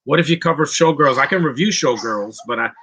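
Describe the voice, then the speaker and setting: A man's voice: mid-range voice, a little fast, creaky, bright, forceful tone, slightly rough. A man hosting a casual live movie commentary, chatty and opinionated, reading out viewer questions and rambling with restarts. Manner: rambling with frequent restarts and laughs.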